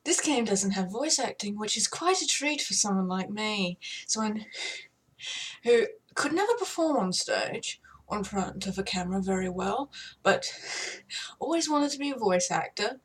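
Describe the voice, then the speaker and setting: A woman's voice: medium pitch, expressive, normal speed, slightly rough. A woman talking casually to camera in a chatty, self-deprecating way, laughing between thoughts. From not American. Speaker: gamer showing off voices.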